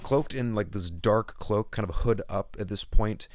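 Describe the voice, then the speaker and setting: A man's voice: lowish voice, measured pace, a little mellow, no echo. A man narrating as game master in a casual, rambling way with many fillers.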